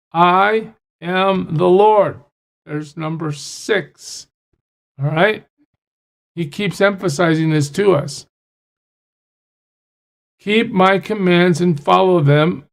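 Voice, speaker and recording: A man's voice: high-pitched, creaky. A man who leads a church Bible study, reading scripture aloud and then explaining it in plain, chatty asides. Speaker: pastor.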